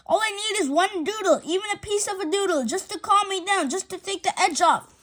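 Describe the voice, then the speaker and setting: A brash, scheming schoolboy, read in a very high voice by a woman. He rants in a dramatic, ranting way, the way a storybook kid's lines come across in an audiobook. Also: brisk, fairly bright tone. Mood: desperate. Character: brash scheming sixth-grade boy. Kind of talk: audiobook character reading.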